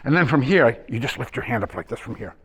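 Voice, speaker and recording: A male martial arts instructor leads a seminar in a dojo training hall, telling anecdotes, acting out his students' lines and restarting often. His husky voice is medium-pitched, expressive and fast, with a fairly bright tone.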